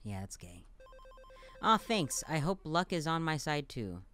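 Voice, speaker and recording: A man playing a dialogue-heavy game, reading the lines aloud and reacting between them with quick, playful asides. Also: on the high side, very animated, bright, forceful tone. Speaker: let's play gamer.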